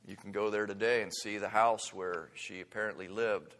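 A man's voice: fairly low pitch, steady tone, moderate pace, a bit bright. A man preaching a sermon as pastor, earnest and building to fervent emphasis at points. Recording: long hall reverb.

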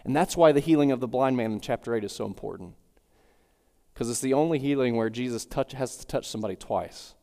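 A man's voice: mid-range voice, quick pace, creaky, mellow. A man preaching an expository sermon, walking through a text verse by verse and circling back with repeated phrases. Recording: long hall reverb.

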